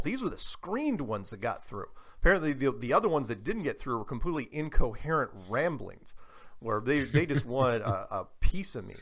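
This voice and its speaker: A man talking as a guest on a radio interview, telling animated stories with many restarts. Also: mid-range voice. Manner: animated storyteller, frequent restarts. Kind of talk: casual radio interview chat.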